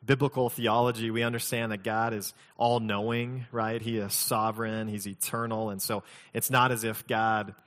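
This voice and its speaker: Low-voiced male pastor in a reverberant hall. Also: level tone, moderate pace, few pauses, fairly bright tone. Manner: conversational, mixes scripture reading with humorous personal stories. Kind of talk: sermon.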